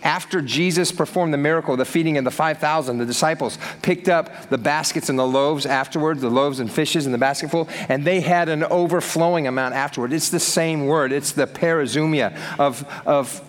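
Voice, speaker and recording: Lively preaching man in an echoey hall. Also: on the high side, a little fast, few pauses. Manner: lively, conversational preaching with acted-out quotes. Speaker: pastor. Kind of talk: sermon.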